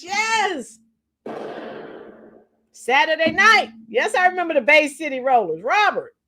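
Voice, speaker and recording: A woman's voice: sits high, fairly bright tone. A woman hosting a casual live stream, chatting with viewers in a strained, tired voice, a teacher who now and then sings song lines. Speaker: livestream host. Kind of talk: casual live chat reading comments.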